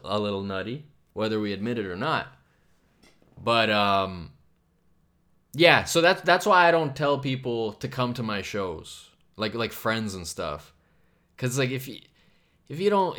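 Rambling, profane male podcast host. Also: medium pitch. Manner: rambling, profane, swings between loud bursts and mumbling. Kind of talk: casual solo podcast rant.

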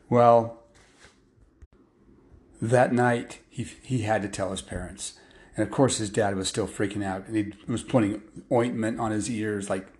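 A man's voice: fairly low pitch, a little mellow. A man telling a story casually, rambling and stringing clauses together with "and" and "well.".

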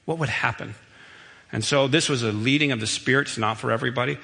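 Bright-voiced man preaching in an echoing hall. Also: mid-range voice, steady tone, very fast, creaky. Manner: conversational, storytelling, emphatic. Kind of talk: sermon. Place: church sanctuary. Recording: long reverb of a church hall.

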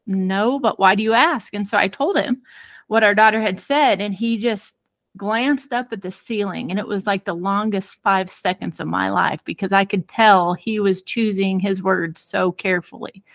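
A woman's voice: medium pitch, moderate pace, no echo. Earnest woman telling a family story. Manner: earnest, expressive storyteller who laughs easily. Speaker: parenting expert guest. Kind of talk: personal storytelling in a podcast interview.

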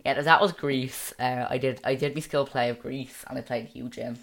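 Low-voiced woman with a Dublin accent. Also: fairly even intonation, normal speed, a little hiss or hum. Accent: Dublin Irish. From Dublin, Ireland. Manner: chatty, with many fillers and playful accent attempts. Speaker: podcast co-host. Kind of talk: casual chat.

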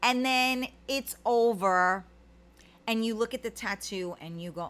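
A woman's voice: fairly high pitch, a little slow, a bit bright. A middle-aged woman, chatting casually as a livestream host and reading out viewer comments, rambling with many fillers.

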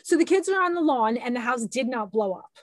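Animated high-voiced woman telling stories. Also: fairly quick, no room sound. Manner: animated, acts out quoted dialogue. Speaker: podcast guest. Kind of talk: casual storytelling interview.

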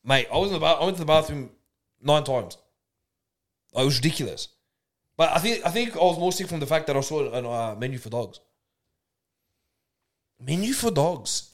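Male podcast co-host, animated and jokey, bouncy higher voice. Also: fairly quick, long pauses. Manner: animated storyteller, jokey exaggeration. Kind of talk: casual banter.

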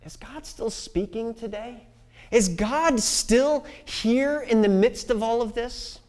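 A woman preaching a personal testimony sermon, telling a story with pauses and sudden soft drops in her voice. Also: a little high. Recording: long reverb of a large hall.

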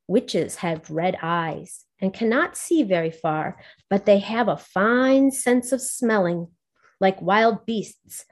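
A woman storyteller reading a fairy tale aloud in a measured, expressive way. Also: mid-range voice.

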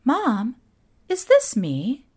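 A woman doing a high, breathless girlish impression of a dramatic young middle sister. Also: wildly swooping pitch, drawn-out words, darkish tone, breathy edge, heavily acted. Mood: earnest.

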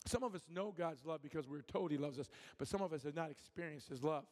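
A man's voice: fairly high pitch, fast, few pauses, darkish tone. A man preaching a fervent, rousing sermon as a guest speaker, asking the congregation questions. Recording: long reverb of a hall.

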